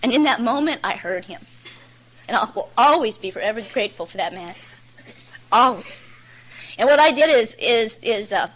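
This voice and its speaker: A woman's voice: fairly high pitch, normal speed, long pauses, fairly bright tone, rough recording. A woman giving a candid personal testimony at a recovery meeting, rambling and plain-spoken with many asides. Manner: candid, rambling storyteller, many "you know"s.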